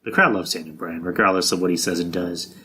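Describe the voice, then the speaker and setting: A podcast host delivers a blunt, profane, casual monologue of wrestling predictions, frequently restarting his sentences. His low-pitched voice is quick, pushed and bright with a breathy edge, and fairly even in intonation.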